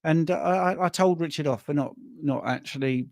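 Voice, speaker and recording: A man's voice: a little high, normal speed, creaky, no room sound, studio quality. A man from Wales hosting a live question-and-answer chat about diet, talking in a chatty way and often restarting words. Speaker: carnivore diet coach and host.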